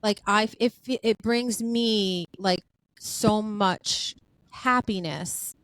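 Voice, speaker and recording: A woman's voice: medium pitch, takes it slowly, fairly bright tone, dry recording, poor audio. Chatty woman podcast host, dry sound. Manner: chatty, many fillers and restarts. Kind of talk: casual interview chat.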